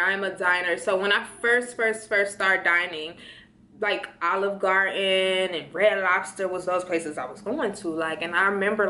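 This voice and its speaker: A woman's voice: on the low side, bright, forceful tone, reverberant, a little hiss or hum. A young woman from Chicago chatting casually with viewers, slangy and playful, answering their questions. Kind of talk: casual chat.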